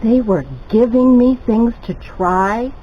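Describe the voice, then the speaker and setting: An older woman telling a lively story while she cooks at home, chatty and laughing often. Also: fairly high pitch, takes it slowly, muffled recording. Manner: chatty, laughs often, gets excited retelling stories. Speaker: cooking vlogger. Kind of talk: casual storytelling while cooking.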